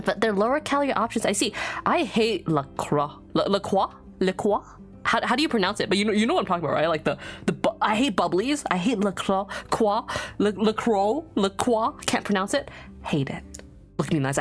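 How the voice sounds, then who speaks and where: A young adult woman talking casually on a livestream, chatty and rambling as she narrates whatever she is doing. She laughs often and keeps up an easygoing patter with her viewers. Faint music plays quietly behind her voice. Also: mid-range voice. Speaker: VTuber streamer.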